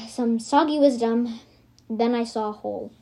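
Rambling woman storyteller, high voice. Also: a little slow, gravelly, mellow. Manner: rambling, self-correcting asides. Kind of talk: reading a homemade story.

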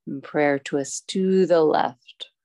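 A woman teaching a yoga class, calmly cueing poses and breaths with chatty asides. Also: low-pitched, slow pace, vocal fry, no echo. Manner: calm, instructive, chatty asides.

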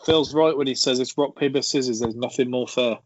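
A man's voice: mid-range voice, fairly quick, dry recording, highs cut off. A man co-hosting a casual film podcast, laughing as he quotes movie lines. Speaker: podcast co-host.

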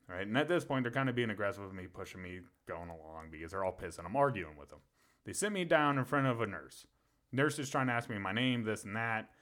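Animated, profane male storyteller. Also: medium pitch. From Pennsylvania. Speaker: podcast co-host. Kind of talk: casual storytelling.

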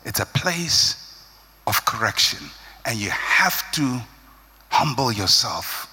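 A man's voice: medium pitch, big pitch swings, slow pace, bright, forceful tone, breathy edge. A man preaching a sermon with an emphatic, rising and falling cadence. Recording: long hall reverb.

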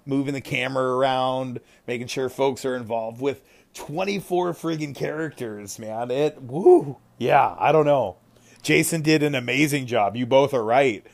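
A man hosting a casual podcast chat, talking in an animated way with frequent fillers and exclamations. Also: medium pitch, gravelly.

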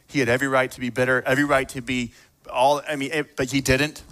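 A man preaching a sermon in a conversational way, moving between hushed reflection and fired-up encouragement. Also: medium pitch, level tone, quick pace. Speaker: pastor.

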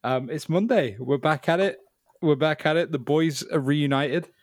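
A man's voice: on the high side, moderate pace, dry recording, clean studio sound. A young man, co-hosting a podcast, joking and laughing in casual chat. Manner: jokey, laughs often, puts on silly voices. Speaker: podcast co-host.

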